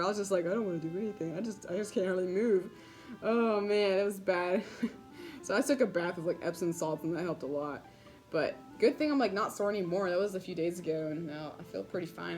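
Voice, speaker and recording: A young woman in a casual vlog, bubbly and giggly, filling her story with "like" and laughter, excited and caffeinated. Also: lowish voice. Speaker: vlogger.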